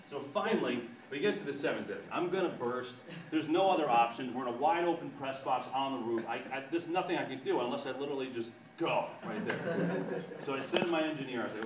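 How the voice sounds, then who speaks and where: A man, a sportscaster, giving an animated storytelling talk to students and acting out quotes with loud bursts. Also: medium pitch, fast talker. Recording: echoey room, distant mic, background noise.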